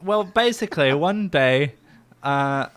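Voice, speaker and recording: Aussie guy hosting a comedy podcast, bright voice, rambles and giggles a lot. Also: a little high, expressive, slow pace, smooth. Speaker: podcast host. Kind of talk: casual comedy podcast chat.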